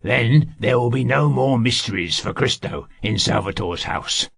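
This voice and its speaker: A man putting on a gravelly sly schemer. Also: medium pitch, lively intonation, a little slow, a bit bright, dry recording, studio quality, full character voice. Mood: cunning. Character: sly scheming male servant, cunning and greedy.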